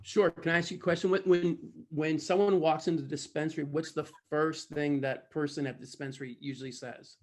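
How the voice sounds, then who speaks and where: A man's voice: on the high side, fairly even intonation, fairly quick, few pauses, a little mellow. A man speaking as a guest sales trainer on a video call, telling a humorous story in a playful, self-mocking way.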